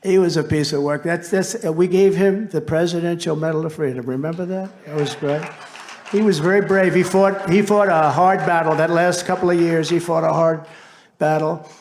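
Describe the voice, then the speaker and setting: A man's voice: fairly high pitch, fairly even intonation, normal speed, a little mellow, a little hiss or hum. A man who is a political candidate, giving a campaign rally speech in a rambling, boastful way with asides to the crowd.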